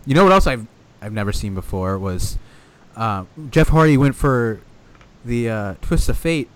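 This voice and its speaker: A man co-hosting a casual podcast in a lively, exasperated way. He swears freely and builds his rants up to sharp peaks of disbelief. He sits at a middle pitch for a man. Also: normal speed, smooth. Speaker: podcast co-host. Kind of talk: casual wrestling podcast chat.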